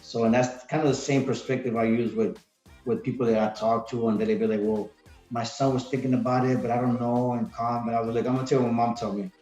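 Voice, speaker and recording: A man's voice: mid-range voice, flat delivery, fast talker, warm tone. A man around forty chats casually as a podcast guest. He rambles and restarts often. The sound is roomy and a little dull, with faint music under it. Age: 40s. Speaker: podcast guest, retired Marine. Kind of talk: casual interview chat.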